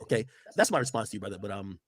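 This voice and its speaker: A man's voice: fairly low pitch, animated, racing, no room sound, clean studio sound. A man on a livestream, dismissive and repetitive, played as a clip. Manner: dismissive, repetitive, swings in loudness. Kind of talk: livestream talk.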